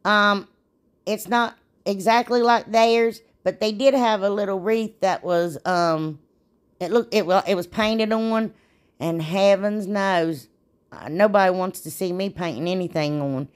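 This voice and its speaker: A woman's voice: medium pitch, measured pace, smooth. A woman, chatting casually and rambling a little as she narrates a DIY craft video. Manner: chatty, rambling, laughs at herself.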